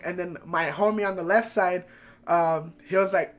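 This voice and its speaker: A man's voice: high-pitched, steady tone, moderate pace, a bit bright. A man streaming from home, telling a profane, heated story in a casual way.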